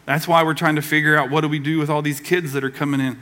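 A man's voice: a little high, little pitch movement, fast, bright, forceful tone. A man from the American South preaching a conversational sermon as pastor, acting out quoted voices along the way.

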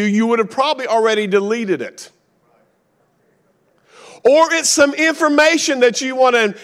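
A man's voice: sits high, a bit bright. A middle-aged man with a Kentucky accent, preaching a sermon as a guest speaker in a folksy, joking storytelling manner.

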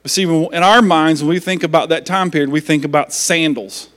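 A man's voice: fairly high pitch, brisk, fairly bright tone. A man pastor, preaching a sermon in a folksy, joking manner.

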